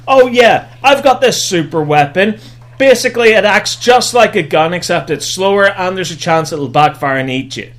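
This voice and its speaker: A high-voiced man tears through a movie recap with animated sarcasm. He swears constantly and swings into mock outrage. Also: moderate pace. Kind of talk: profane comedic movie recap.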